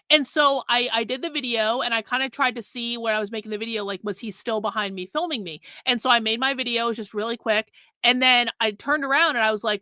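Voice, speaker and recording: A woman hosting her show, telling a story in a casual, animated way, swearing freely and acting out what she said. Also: on the high side, quick pace, no echo. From United States. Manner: animated, profane, acts out her own past lines. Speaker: host.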